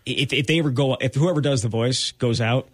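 A man hosting a morning radio show, chatting in a halting way with frequent laughs. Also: mid-range voice, husky, dry recording, clean studio sound. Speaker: radio host.

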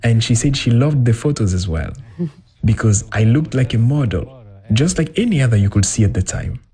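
A man giving an English voice-over for a translated interview, telling the story in an expressive way. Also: medium pitch, moderate pace.

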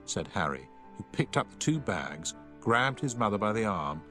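A man narrating a story in a measured, expressive reading. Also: on the low side, faint music behind. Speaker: audiobook reader.

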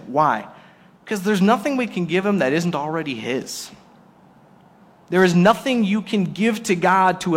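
A man preaching a Sunday sermon in church, telling a story with lively shifts in tone. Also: on the high side, big-room sound. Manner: animated storytelling, acting out scenes in quotes. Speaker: pastor. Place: church service before a congregation.

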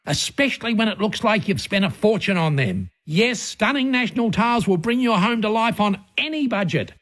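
A man's voice: sits high, a bit bright. A man reading his own upbeat, friendly radio ad for his business. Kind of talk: scripted radio ad read.

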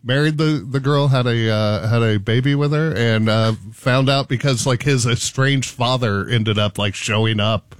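A male radio cohost with a mid-pitched voice in dry studio sound, telling an anecdote in a chatty, loose way. he drifts into quick asides as he goes. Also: clear, resonant tone, no room sound. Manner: chatty storyteller. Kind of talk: casual anecdote.

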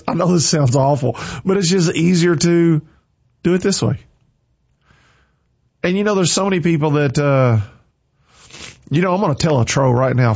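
A man's voice: mid-range voice, darkish tone, dry recording. A man giving an emotional, preachy faith talk on a livestream, with a slightly dull lo-fi sound.

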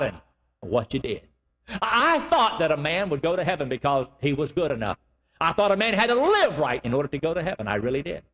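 A man preaching a sermon, emphatic and repetitive, with sudden loud rises and slow, drawn-out lines. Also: sits high, big-room sound.

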